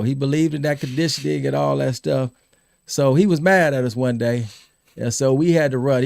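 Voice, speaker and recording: A middle-aged man hosting a podcast, telling lively stories about his college team, laughing and repeating himself as he goes. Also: medium pitch, vocal fry, dry recording, studio quality. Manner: animated storyteller, laughs and repeats words. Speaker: podcast host. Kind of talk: casual storytelling chat.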